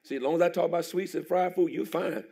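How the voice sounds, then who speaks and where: A pastor preaching a sermon in a church, a man who jumps into a high excited voice and shouts as he tells stories. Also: quick pace, vocal fry, crowd noise. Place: church sanctuary.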